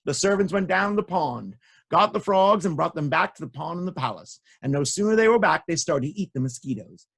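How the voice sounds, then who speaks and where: A male children's storyteller with a fairly high voice that swoops up and down in lively sing-song. He repeats phrases for effect and speaks straight to the kids. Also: fairly quick, vocal fry, slightly rough.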